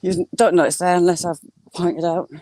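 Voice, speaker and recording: A middle-aged woman from northern England, her accent a blend of Yorkshire, Geordie and Cumbrian, live-streams a walk through rural fields and chats casually with viewers. Her voice sits on the low side, steady and warm, at a moderate pace. She rambles chattily and answers the comments coming in.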